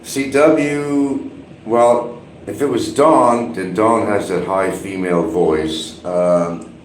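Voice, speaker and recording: A man's voice: lowish voice, fairly even intonation, slow pace. A man live-streaming casual, rambling, gossipy commentary from a small bathroom with an exhaust fan running. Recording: echoey bathroom, faint fan hum.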